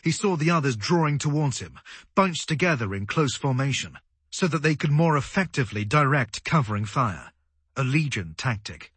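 A man narrating an audiobook in a dramatic, animated storytelling manner. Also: medium pitch, breathy edge, no echo. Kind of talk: scripted narration.

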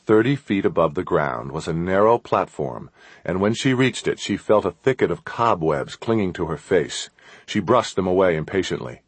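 A man narrating an adventure audiobook in a steady, measured storytelling manner. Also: deep voice, husky, dry recording.

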